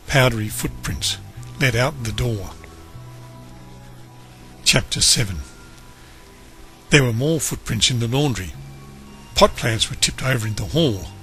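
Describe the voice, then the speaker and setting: A man reads a children's story aloud, expressive and animated, his voice rising and falling with every turn. The tone is bright and clear, at an ordinary pitch. Soft music plays faintly behind him. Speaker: storybook reader.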